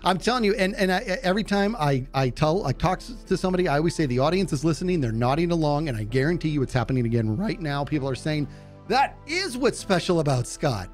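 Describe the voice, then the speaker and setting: A man chatting earnestly during a game, warmly and effusively praising another player. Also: on the high side, big pitch swings, fast, faint music behind. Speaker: fellow player. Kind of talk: casual chat.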